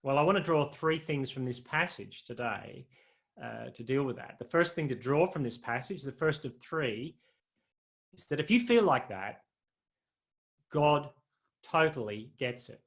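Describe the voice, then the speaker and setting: A man's voice: mid-range voice, animated, unhurried, gravelly. A man preaching a sermon in a conversational, humorous way, often putting questions to his listeners.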